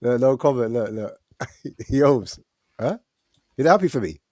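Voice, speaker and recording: A man's voice: medium pitch, normal speed, dark tone, no room sound. A man hosting a casual football chat, teasing his guests and leading with questions. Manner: teasing, steers the talk with questions. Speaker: podcast host.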